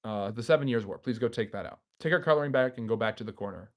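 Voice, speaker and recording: A man's voice: medium pitch, fast. A man hosting a history channel's live stream, reading viewer comments aloud and answering them off the cuff.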